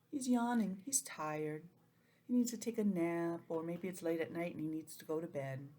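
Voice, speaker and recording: A woman teaching an online lesson to young children, gentle and expressive, acting out feelings in a sing-song way. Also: on the low side, normal speed. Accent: New England.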